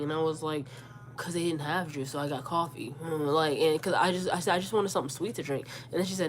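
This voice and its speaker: A woman's voice: low voice, fast talker, soft background music. Stuffed-up woman telling a storytime. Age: 40s. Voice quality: congested. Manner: animated retelling, quotes herself and her mother, repeats words. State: stuffed up, sick. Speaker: vlogger. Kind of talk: storytime vlog.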